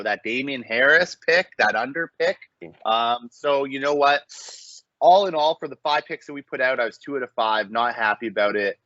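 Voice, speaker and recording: A man's voice: on the low side, bright, forceful tone, no room sound. A man co-hosting a casual sports betting podcast, chatty and self-deprecating. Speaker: podcast co-host. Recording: muffled lo-fi podcast mic.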